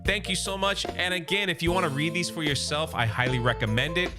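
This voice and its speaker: A man who recaps comic book stories casually, an excited, chatty storyteller who paraphrases the characters as he goes. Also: on the high side, fairly quick, over music.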